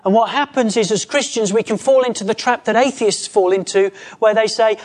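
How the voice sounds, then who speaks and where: A man preaching a conversational sermon, lively, acting out quoted voices as he goes. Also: high-pitched, brisk, hardly any pauses.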